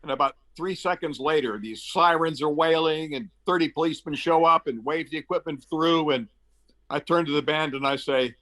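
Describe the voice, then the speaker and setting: A man in his seventies who grew up in the Middle East chats as an interview guest, briskly telling anecdotes full of fillers and acting out the quotes in his stories. His voice is fairly high-pitched and a bit bright.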